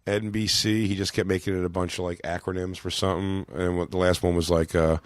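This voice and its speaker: A man's voice: low-pitched, flat delivery, fairly quick, no echo, clean studio sound. A man, a comedian guest on a podcast, chatting casually and making wry jokes.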